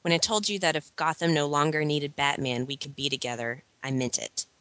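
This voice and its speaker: A woman's voice: low-pitched, steady tone, brisk, a bit bright, no room sound, poor audio. A woman reading the part of a young woman writing a sincere farewell letter, in a plain, unrehearsed way. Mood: sincere regret.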